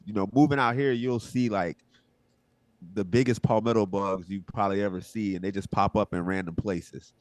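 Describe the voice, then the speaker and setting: A man's voice: lowish voice, moderate pace, no room sound. A man from Southwest Florida, a comedian guest on a talk show, chatting casually and acting out little quoted exchanges. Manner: relaxed, rambling, acts out quotes. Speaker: guest, social media comedian. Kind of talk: casual interview chat.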